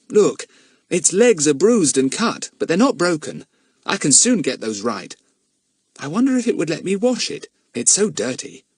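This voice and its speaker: A man voicing a kind, firm boy who loves animals, in an earnest, gentle way. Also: on the high side, slightly rough, no echo, studio quality, voice pushed up, heavily acted.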